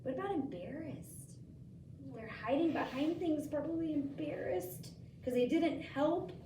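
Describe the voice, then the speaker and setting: A woman's voice: sits high, a little slow, noisy background. Woman teacher reading aloud, echoey far mic. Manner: gentle questioning, lively story voices. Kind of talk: reading a picture book aloud to a child. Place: school room.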